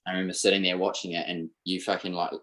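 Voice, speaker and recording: A New man co-hosting a podcast, talking excitedly and swearing freely. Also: deep voice, racing. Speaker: podcast co-host. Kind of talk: casual podcast chat. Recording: loud crowd noise behind.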